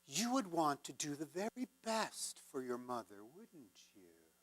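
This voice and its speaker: A man voicing a strangely dressed traveler who coaxes a boy with hushed persuasion. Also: a little high, sing-song, unhurried, a little hiss or hum. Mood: coaxing. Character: strange flamboyant male traveler, smooth-talking.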